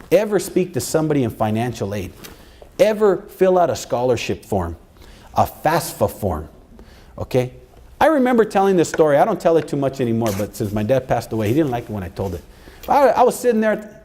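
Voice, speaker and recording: 男声，语调起伏丰富的讲述者. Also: male voice, a little high, slightly rough. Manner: animated storyteller, mixes Spanish phrases. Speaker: speaker addressing college staff. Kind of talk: storytelling keynote talk.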